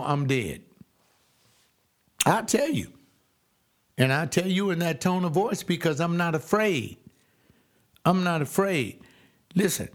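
An older man preaching a sermon over a webcast, fervent, swinging between loud exclaiming and slow, low emphasis.

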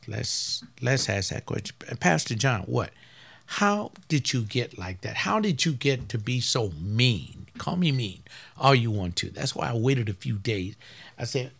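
A man preaching a fiery sermon as pastor, swinging from loud outbursts to hushed asides. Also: medium pitch, gravelly.

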